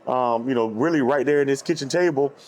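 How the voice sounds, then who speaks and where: A man's voice: medium pitch, a little fast, a little mellow. A man telling a business story in casual dinner conversation at a restaurant table, loose and full of fillers. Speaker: brand co-founder.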